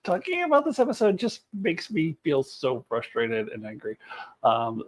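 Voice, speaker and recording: A woman reviewing TV episodes to camera, ranting in an exasperated, animated way with frequent laughter and swearing. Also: low-pitched, moderate pace. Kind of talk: unscripted review rant to camera.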